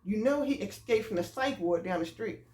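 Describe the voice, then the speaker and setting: Woman putting on an insistent old grandma, high and urgent, echoey room. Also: lively intonation, moderate pace, a little mellow, a little hiss or hum, natural voice. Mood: urgent warning. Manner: insistent, warning. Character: old grandmother, blunt and protective. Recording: roomy echo.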